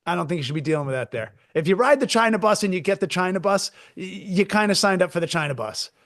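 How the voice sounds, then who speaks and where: Brief: male podcast co-host, high-pitched voice, animated comedic ranter who trips over his words. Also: quick pace, dry recording, clean studio sound. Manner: animated, excitable storyteller with stammering restarts. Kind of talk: comedic rant.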